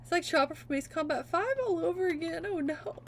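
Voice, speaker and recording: A woman's voice: very high voice, fast, creaky, slight background noise. A young woman streaming a game, chatting casually and emotionally with lots of fillers. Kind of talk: casual chat.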